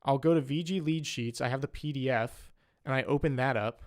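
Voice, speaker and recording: A man's voice: mid-range voice, brisk. A young man chatting casually on a livestream as a saxophonist, rambling with lots of "like" and "um". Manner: rambling, full of "like" and "um". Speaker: saxophonist streamer.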